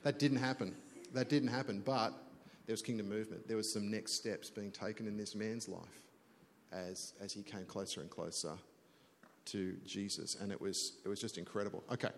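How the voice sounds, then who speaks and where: A man's voice: fairly low pitch, fairly even intonation, moderate pace, slight background noise. Male pastor preaching in a hall. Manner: chatty, self-deprecating, restarts words. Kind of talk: sermon with storytelling. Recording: long church hall reverb.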